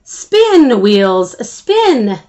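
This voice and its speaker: A woman's voice: sits high, expressive, slow pace, dark tone, dull audio, pitched above the performer's own voice. An older woman voicing an eager, cheerful little boy in a storybook read-aloud. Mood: excited.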